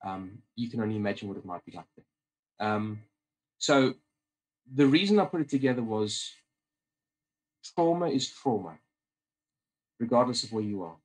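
A man's voice: lowish voice, animated, moderate pace, pauses often, rough recording. A man with a South African accent, chatting at length as a podcast guest, rambling and often restarting his sentences. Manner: talkative and rambling, many restarts. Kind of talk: casual interview chat.

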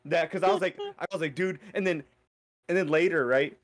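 Profane rambling storyteller guy, slightly high. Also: a little fast. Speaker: podcast co-host. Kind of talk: casual chat.

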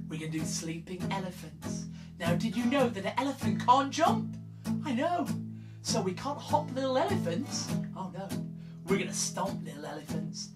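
Slow sing-song woman teaching kids. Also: medium pitch, very animated, music in the background. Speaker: preschool music teacher. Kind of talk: interactive children's music lesson.

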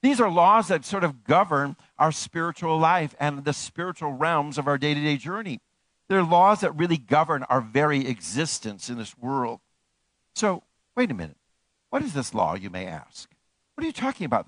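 A man's voice: sing-song, moderate pace, a bit bright, no echo. A man preaching a sermon as pastor, emphatic, swinging his voice up and down and repeating key phrases. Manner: preaching with wide swings in pitch and volume.

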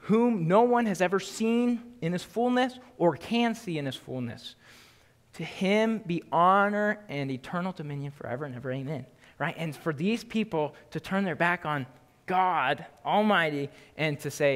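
A man's voice: on the high side, moderate pace. A man teaching a Bible study in a casual, emphatic way, often checking in with "right?". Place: church sanctuary. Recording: long hall reverb.

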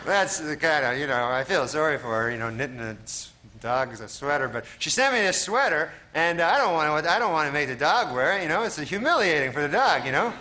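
A man from Canada doing a stand-up comedy set, deadpan and rambling with lots of fillers. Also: a little high, a little fast, few pauses. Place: TV studio stage. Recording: crowd laughter and noise of a TV studio audience.

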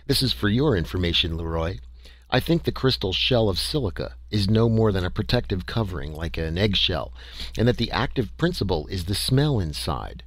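A man narrating an audiobook in a measured first-person storytelling manner. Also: deep voice, lively intonation, dry recording.

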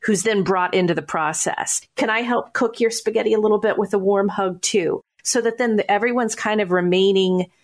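A woman's voice: mid-range voice, moderate pace, hardly any pauses. A woman co-hosting a parenting podcast, speaking as a parent and thinking aloud with playful ideas. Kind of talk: casual podcast chat.

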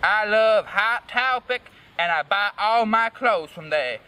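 A man's voice: sits high, lively intonation, slow, pushed and bright, clear, resonant tone. A man reading a fan story aloud as host, in a comic, dramatic first-person narration.

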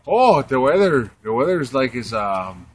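A young man putting on a drunk, rambling grown man who talks slowly and halts over many fillers, as a comic impression among friends. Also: medium pitch, sing-song.

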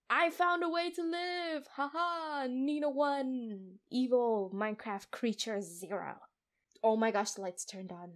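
A young woman casually commentating her own survival game at home, jittery and giggly, easily startled and quick to laugh at herself. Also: fairly high pitch. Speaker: gamer playing a survival game. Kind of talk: casual let's play commentary. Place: room at home.

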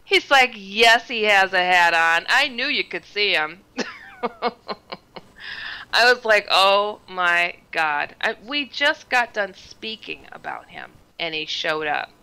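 A woman, a guest author, telling a personal story on a talk show in a lively way, acting out the voices of the people she quotes. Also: medium pitch, takes it slowly, smooth, low-quality recording.

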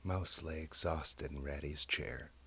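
A man reads a children's storybook aloud in a slow, hushed delivery. His voice is very low, with a gravelly, husky grain. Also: fairly even intonation. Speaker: storybook reader. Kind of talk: children's read-along narration.

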